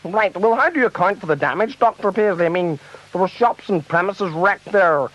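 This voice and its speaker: A flustered Northern Irish TV presenter, played by a man, fusses to keep order in a rowdy debate. His voice is pitched high, and the recording sounds dull and lo-fi. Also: a little fast, fairly bright tone. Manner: fussy, trying to keep order.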